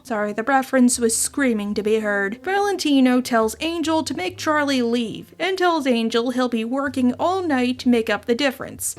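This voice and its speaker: A woman from Spain giving video essay commentary in a casual, chatty, lively way. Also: high voice, normal speed, few pauses, a little hiss or hum.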